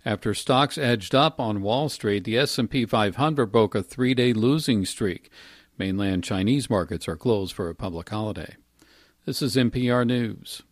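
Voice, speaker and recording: A man reading a radio news bulletin as newscaster, in a measured, even delivery. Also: on the low side, dry recording. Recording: dry studio.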